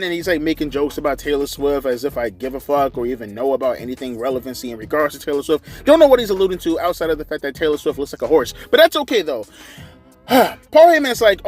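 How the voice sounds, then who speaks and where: A young man giving casual, profane, rambling wrestling commentary, excitable and full of slang. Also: fairly high pitch, a little fast, faint music behind. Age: young adult. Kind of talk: casual watch-along commentary.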